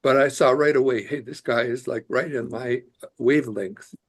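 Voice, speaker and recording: A man's voice: medium pitch, moderate pace. A man as a podcast guest, talking earnestly in casual conversation and searching for his words as he goes. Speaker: guest, immigration attorney.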